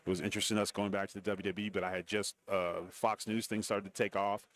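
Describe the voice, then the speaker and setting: A man's voice: lowish voice, flat delivery, quick pace. A man being interviewed on a radio show, rambling through stories about his career and acting out quotes. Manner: rambling anecdotes with acted-out quotes. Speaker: interview guest, former wrestler. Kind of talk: casual interview storytelling. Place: radio row at a large event.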